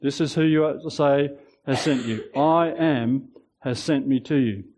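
A man in his sixties voicing God as a calm, reassuring figure in slow, measured speech. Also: medium pitch, slight background noise, natural voice.

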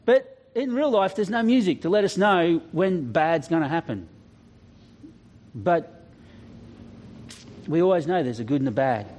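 High-voiced male youth pastor, preaches in a chatty, joking style. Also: expressive, unhurried, long pauses, a little mellow. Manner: chatty, humorous storytelling with asides. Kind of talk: sermon.

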